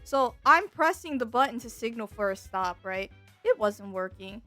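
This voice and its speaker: High bright animated storytelling woman. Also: normal speed, soft background music. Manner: animated, exaggerated telling with acted-out quotes. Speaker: VTuber streamer. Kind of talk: casual storytime.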